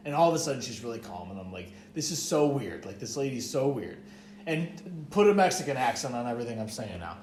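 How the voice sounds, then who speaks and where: A man's voice: medium pitch, expressive, a little fast, darkish tone, a little hiss or hum. Young man rambling through a story. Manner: rambling, profane, heavy use of "like". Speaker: podcast co-host. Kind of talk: casual storytelling chat. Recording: echoey room.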